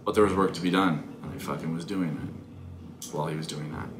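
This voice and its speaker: A man in his twenties with a steady, brisk bass voice tells a story in casual talk that's profane, candid, and self-critical. The recording has an echoey room and background noise.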